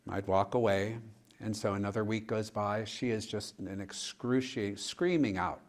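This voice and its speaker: A man, a pastor, telling a personal story in a relaxed conversational way during a discussion, often retelling dialogue. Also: lowish voice, moderate pace. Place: church.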